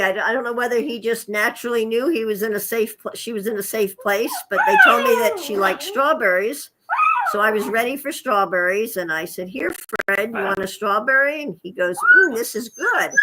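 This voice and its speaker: Over heavy noise, a woman with a slightly high, very animated voice talks at a normal speed. She's a hospice nurse and animal rescuer being interviewed, chuckling often through her chatty stories and speaking now and then to her pet parrot.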